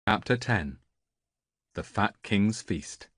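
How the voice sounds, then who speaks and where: Man narrating an audiobook, very low voice, dry close sound. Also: lively intonation, slow pace, fairly bright tone, husky, no room sound. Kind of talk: scripted narration.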